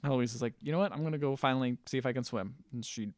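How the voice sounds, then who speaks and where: A man's voice: mid-range voice, racing, no room sound, clean studio sound. A man co-hosting a podcast, casually retelling a film's plot and acting out the characters' lines as he goes. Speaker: podcast co-host. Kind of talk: casual film recap chat.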